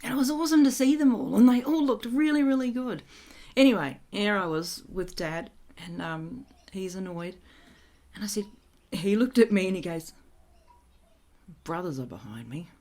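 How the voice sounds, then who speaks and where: A woman telling a story in a relaxed, frank voice. She is chatty and laughs easily, and her pitch sits in an ordinary middle range. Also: normal speed. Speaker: energy healer and teacher. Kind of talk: casual storytelling.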